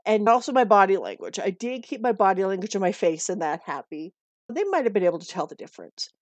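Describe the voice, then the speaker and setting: A woman's voice: mid-range voice, a little mellow, no echo. A middle-aged woman from the United States giving dog-walking and pet tips in a chatty, earnest way that often repeats itself. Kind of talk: casual advice talk.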